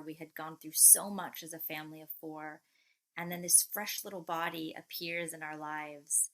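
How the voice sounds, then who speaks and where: Reflective woman with a lowish voice. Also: a bit bright, poor audio. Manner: reflective, measured, pauses to rephrase. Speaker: guest, mother of three. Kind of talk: heartfelt interview conversation.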